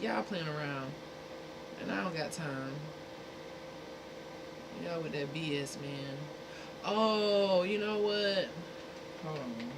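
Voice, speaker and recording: Woman streamer, blunt and exasperated, casual talk to chat, mid pitch, noisy background. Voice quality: speaking from a dentist's perspective. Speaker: livestream host.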